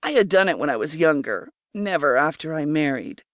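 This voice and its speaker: A woman narrating a first-person erotic story in a slow, breathy, intimate way. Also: deep voice, sing-song, dry recording, studio quality. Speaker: audiobook narrator.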